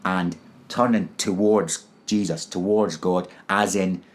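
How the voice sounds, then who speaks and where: Earnest, halting man with a lowish voice. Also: steady tone. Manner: halting, repeating words; earnest, emotional storytelling. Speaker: interviewee. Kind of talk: personal testimony.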